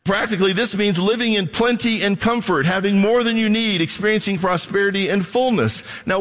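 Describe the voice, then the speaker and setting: A man's voice: high voice, fairly bright tone, in a large hall. A man preaching a sermon in a casual, conversational way, acting out little bits of dialogue between himself and his listeners. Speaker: pastor.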